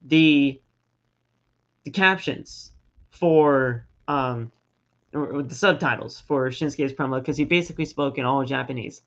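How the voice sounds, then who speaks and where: A man co-hosting a casual wrestling podcast, often stumbling and repeating words as he talks. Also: medium pitch. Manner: halting, repeats words, animated. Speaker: podcast co-host. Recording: slightly dull lo-fi audio.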